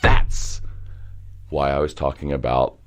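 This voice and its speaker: A young man from the Baltimore area, an entrepreneur guest in a casual interview, rambling and animated, swearing now and then. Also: very deep voice, takes it slowly. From Baltimore area, Maryland.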